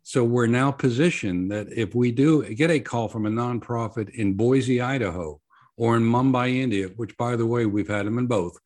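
An earnest man in conversation, laying out his story at a steady, measured pace and acting out what people said to him. His voice sits at an ordinary middle pitch for a man, neither deep nor high. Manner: earnest, measured, tells stories with quoted dialogue. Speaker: nonprofit founder guest.

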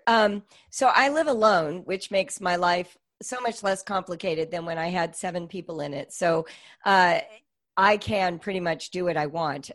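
A middle-aged woman talking as a podcast guest, her voice sitting a touch low. She is thoughtful and expressive, with a storyteller's manner. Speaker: guest, homeschool author. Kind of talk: podcast interview.

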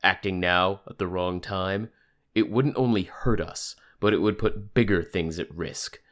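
A man's voice: sits low, a little slow, fairly bright tone. A man reading an audiobook, voicing a grim, secretive man who speaks bluntly and curses. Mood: guarded. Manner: gruff, blunt, profane.

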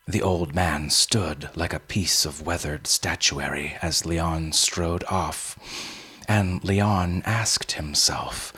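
Male narrator, deep and unhurried, breathy rasp, measured dramatic reading. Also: fairly even intonation, sharp tone. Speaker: story reader. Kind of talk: scripted fantasy narration.

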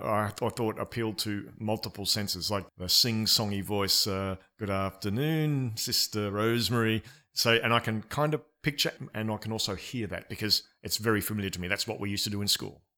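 A man's voice: fairly low pitch, sharp tone. A man co-hosting a podcast, talking in a casual and thoughtful way about a story. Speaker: podcast co-host. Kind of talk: casual chat.

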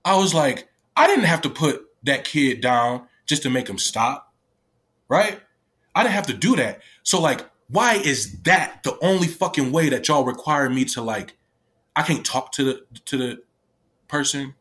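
A man's voice: fairly high pitch, animated, measured pace, a bit bright. A man telling a personal story to camera, tearful, rambling with lots of fillers and frequent swearing. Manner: rambling, peppered with "like" and "right?", swears freely. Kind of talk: casual emotional storytelling to camera.

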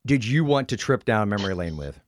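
A man's voice: lowish voice, sing-song, brisk, dry recording, studio quality. An American man hosting a podcast in casual chat, joking and laughing often. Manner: jokey, laughs often, bursts into silly voices. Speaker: podcast host.

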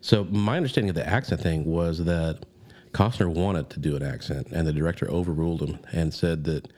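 A man co-hosting a movie podcast, calmly explaining background and asking for ratings. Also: low voice, brisk. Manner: steady, agreeable, asks the ratings. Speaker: podcast co-host. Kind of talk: casual movie review chat.

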